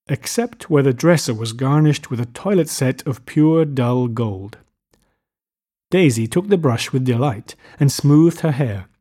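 Measured male audiobook narrator. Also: mid-range voice, mellow. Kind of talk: scripted literary narration.

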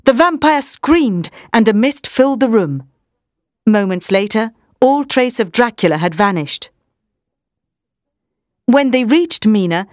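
A woman's voice: a little high, lively intonation, a little slow, long pauses, dry recording, studio quality. Woman reading a classic story aloud. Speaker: narrator. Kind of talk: storybook narration.

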